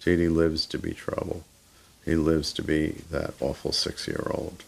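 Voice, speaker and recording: A man's voice: very deep voice, completely flat delivery, a little slow, gravelly, breathy edge. A man being interviewed for a documentary, telling stories in a blunt, emphatic way.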